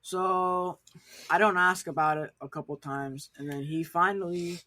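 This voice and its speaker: A teenage boy chatting casually and telling a rambling story in a soft, mumbled way. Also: high voice, steady tone, unhurried, dry recording. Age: teens. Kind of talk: casual chat.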